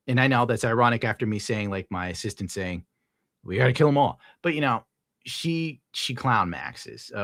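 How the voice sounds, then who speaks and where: A man's voice: fairly low pitch, a bit bright, no room sound, clean studio sound. Laid-back swearing man ranting to viewers. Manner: profane, rambling, laid-back. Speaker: streamer reading donations. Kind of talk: casual rant to viewers.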